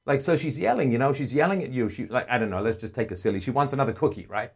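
A man hosting a call-in advice show, earnestly explaining and acting out gentle parent dialogue. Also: medium pitch, lively intonation, very fast, vocal fry, slightly rough.

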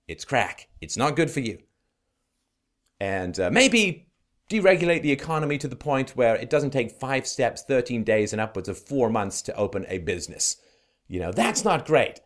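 A man's voice: medium pitch, very animated, normal speed. A man giving an emphatic, sarcastic opinionated monologue as a political commentator.

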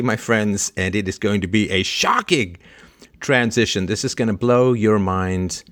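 A man hosting a livestream, chatting playfully, joking and laughing as he reads out viewer greetings. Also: unhurried. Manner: animated, jumps between high and low pitch. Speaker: host.

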